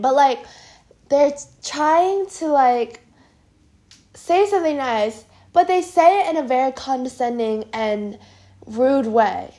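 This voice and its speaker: A teenage girl with a high voice chats casually as a podcast co-host. She rambles, giggles often and leans on fillers. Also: a little mellow. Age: teens. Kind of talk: casual chat.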